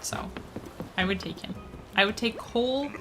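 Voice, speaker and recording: A woman's voice: fairly high pitch, moderate pace, over music. A Canadian woman streaming a game, chatting casually in a rambling way with lots of fillers and easy laughs. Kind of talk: casual gaming stream chat.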